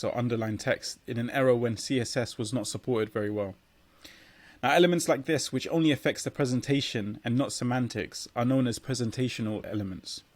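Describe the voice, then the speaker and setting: A man's voice: medium pitch, dry recording. Man explaining code, dry close sound. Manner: steady explanatory walkthrough, restarts while typing code. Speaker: coding tutor. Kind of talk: screen-recorded coding tutorial.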